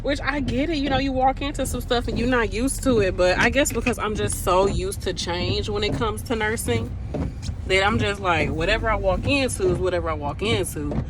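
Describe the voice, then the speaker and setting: Standing by a street in the rain and later sitting in a car, a young woman vents about her shift as an agency nurse. She talks at a normal speed in a mid-range voice with background noise behind her. It's casual vlog storytelling, chatty, blunt and full of swearing.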